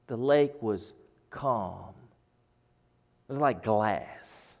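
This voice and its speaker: A man preaching a sermon, swinging between loud bursts and hushed passages, building rhythmic lists and asking his listeners questions. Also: lowish voice, drawn-out words, creaky, pauses often. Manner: addresses listeners directly with questions.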